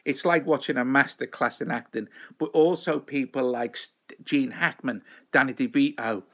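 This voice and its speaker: A man's voice: medium pitch, moderate pace, fairly bright tone. A man hosting a live show, chatting in a rambling, self-mocking way. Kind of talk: casual live-stream chat.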